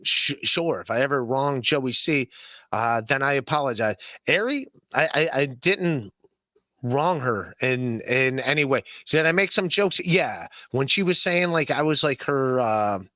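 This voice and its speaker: A man's voice: mid-range voice, animated, a little slow, bright, forceful tone, no echo. A man hosting a podcast, talking in a rambling, stammering, blunt and profane way. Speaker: podcast host. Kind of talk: casual podcast chat.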